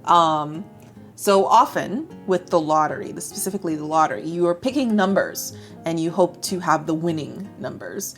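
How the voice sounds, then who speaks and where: A woman's voice: fairly low pitch, lively intonation, normal speed, faint music behind. A woman with an American accent teaching English to camera in a chatty, upbeat way. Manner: chatty, upbeat, acts out example phrases. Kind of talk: explaining lesson to camera.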